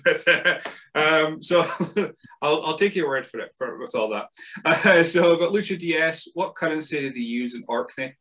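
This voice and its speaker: A man's voice: fairly high pitch, lively intonation, normal speed, bright, forceful tone. A man hosting a podcast in casual chat, laughing often and hesitating with fillers. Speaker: podcast host.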